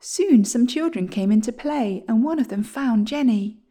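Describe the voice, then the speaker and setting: A woman reading a children's storybook aloud, gentle and often near a whisper. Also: fairly high pitch, expressive, moderate pace.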